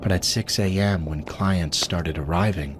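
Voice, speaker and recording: A man narrating a scripted horror story in a measured, steady way. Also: sits low, background noise. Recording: voice-over with music behind.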